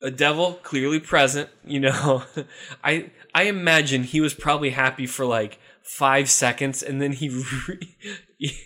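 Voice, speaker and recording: Hosting a casual chat, a man with a mid-range, sharp-toned voice talks a little slowly with fairly even intonation. He rambles and chuckles, often cutting himself off to restart his sentences.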